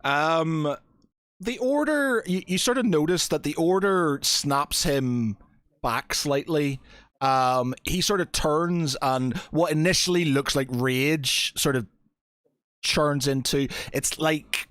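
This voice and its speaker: A man's voice: a little high, slow pace, fairly bright tone, no room sound. A man narrating as game master of a tabletop game, hesitant and full of fillers.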